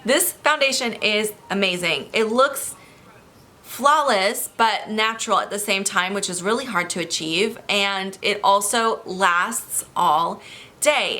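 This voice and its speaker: Bright-voiced chatty woman vlogger. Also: medium pitch. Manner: chatty and enthusiastic, talks fast. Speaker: beauty vlogger. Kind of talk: casual product review.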